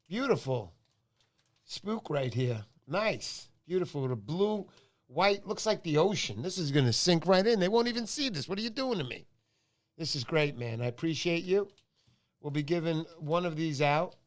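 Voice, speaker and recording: A middle-aged man hosting a casual livestream, joking and greeting viewers by name. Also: a little high. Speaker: livestream host.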